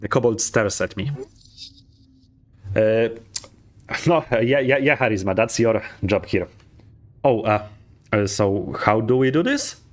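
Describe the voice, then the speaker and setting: A man's voice: on the low side, measured pace, long pauses. A man playing a video game and commenting casually, thinking aloud, swearing and chuckling at himself. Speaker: let's play gamer.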